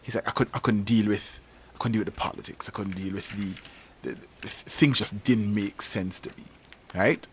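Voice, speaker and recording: An Antiguan man with a fairly low voice hosts a talk show. He tells his stories with animated emphasis and climbs to forceful peaks when a point lands. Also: normal speed, slight background noise. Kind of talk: casual talk show discussion.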